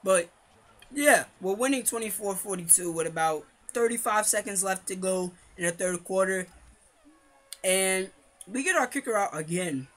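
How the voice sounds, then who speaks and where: High-voiced young man chatting over gameplay. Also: expressive, normal speed, a bit bright. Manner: chatty, rambling, hypes his team and slams his kicker; chewing gum while talking. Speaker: gaming commentator. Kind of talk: casual gameplay commentary.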